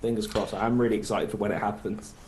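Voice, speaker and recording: A man's voice: fairly low pitch, fairly even intonation, fast talker, a little mellow, roomy sound. A man with a Bristol accent, a musician guest chatting casually in an interview and rambling through plenty of verbal fillers.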